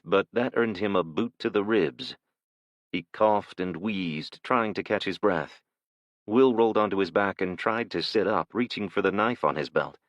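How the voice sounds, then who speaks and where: A man narrating a thriller audiobook in a measured, steady storytelling manner. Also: sits low, dry recording.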